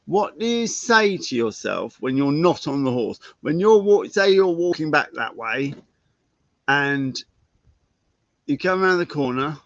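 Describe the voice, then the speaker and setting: A man's voice: fairly high pitch, big pitch swings, a little slow, no room sound. Chatty male horse trainer, lo-fi. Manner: chatty, asks rhetorical questions. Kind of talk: casual live-stream teaching talk.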